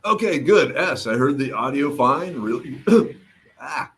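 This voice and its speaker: His intonation lively and his pace unhurried, a middle-aged man of medium pitch runs a relaxed livestream. He greets people by name, reads their comments, and talks while giving his throat time to recover.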